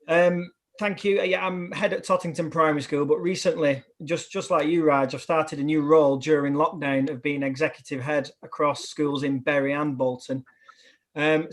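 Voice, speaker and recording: A man with a northern English accent, a primary head teacher speaking on a webinar panel in an upbeat, emphatic way. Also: a little high. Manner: upbeat, emphatic, repeats words when starting a thought. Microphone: remote video call.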